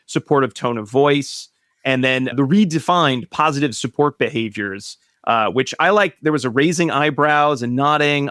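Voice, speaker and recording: A man's voice: medium pitch, a bit bright, dry recording, studio quality. A man co-hosting a podcast, talking casually and joking with his guests. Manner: casual, joking, thinks aloud with fillers. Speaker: podcast co-host. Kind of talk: conversational podcast interview.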